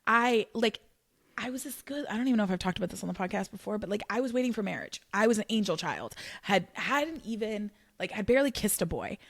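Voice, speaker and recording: Earnest woman with a gravelly edge. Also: medium pitch, animated. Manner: earnest, emotional, quick bursts of affirmation. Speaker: podcast co-host. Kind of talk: candid faith podcast conversation.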